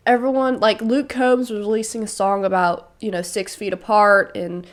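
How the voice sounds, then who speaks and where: A woman's voice: mid-range voice, flat delivery, normal speed. A young woman, slightly sick, hosting her own podcast in an enthusiastic, chatty way full of fillers. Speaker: podcast host. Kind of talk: casual solo podcast chat.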